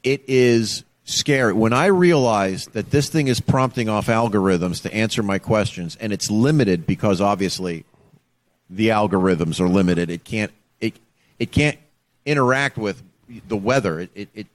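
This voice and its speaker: A man from Florida, co-hosting a podcast and telling a story in a casual, animated way, acting out the voices he quotes. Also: fairly low pitch, moderate pace, no echo. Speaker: podcast co-host.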